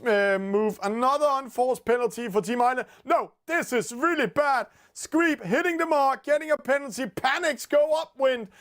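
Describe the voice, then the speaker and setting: A man with a delivery giving live commentary on an online sailing race, full of fillers and jumping up at every penalty. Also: a little high. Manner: excitable, rises sharply at penalties, many fillers.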